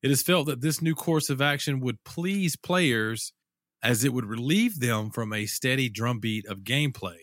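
A man's voice: mid-range voice, moderate pace, fairly bright tone, dry recording, clean studio sound. A man co-hosting a casual gaming podcast, reading news headlines with chatty asides. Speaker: podcast co-host.

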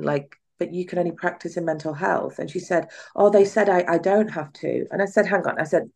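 Woman, low pitch, chatty storyteller, quotes conversations. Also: brisk, vocal fry, few pauses. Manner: chatty, animated retelling with quoted dialogue. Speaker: guest, clinic owner and cosmetic nurse. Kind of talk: casual storytelling in a podcast interview.

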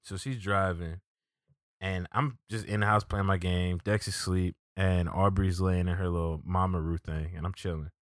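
Laid-back man telling stories, low voice. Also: steady tone, normal speed, no echo, clean studio sound. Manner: laid-back storytelling with many "like" fillers. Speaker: podcast co-host. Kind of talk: casual chat.

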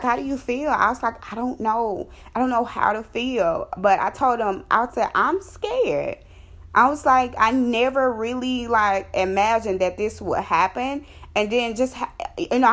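A woman's voice: medium pitch, fairly bright tone. A young woman vlogging, telling a personal story in a chatty, heartfelt way, speaking to viewers as y'all and talking openly about her faith. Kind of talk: casual storytelling.

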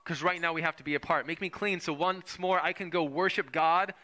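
A man preaching with a bright, fairly high voice. He talks in a conversational way and slips into the voices of the people in the story as he retells it. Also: steady tone, brisk. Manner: conversational, acts out voices of the Bible figures. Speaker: pastor. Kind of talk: sermon.

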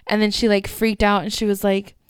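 A young woman trading stories in a loose, joking chat, swearing freely as she goes. Her voice is smooth and clear, and the sound is dry and close with no room around it. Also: mid-range voice, flat delivery, fairly quick, no room sound. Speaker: podcast co-host. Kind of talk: casual chat.

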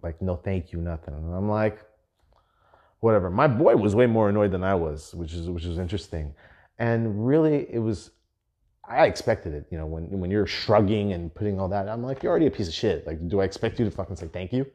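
A man with a low, dark voice hosts a podcast and tells stories in a loose, chatty way. He swears freely and fills his talk with "like" and "you know". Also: a little fast. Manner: animated, profane, lots of fillers and "I'm like". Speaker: podcast host. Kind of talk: casual storytelling.

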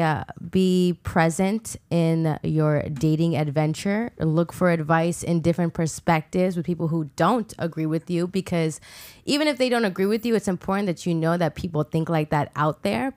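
A woman's voice: on the low side, normal speed. A young woman on a podcast, sharing thoughtful advice and laughing easily. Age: young adult. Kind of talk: casual podcast chat.

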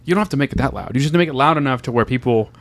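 A young man hosts a casual podcast in a rambling, deadpan way. He teases his co-host, and his voice sits at an ordinary middle pitch. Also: rapid-fire, a little hiss or hum.

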